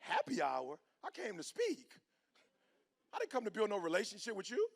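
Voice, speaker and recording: Man, motivational speaker, high voice, gravelly, preachy, slangy, hushed to loud. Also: huge pitch swings, normal speed. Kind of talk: motivational speech.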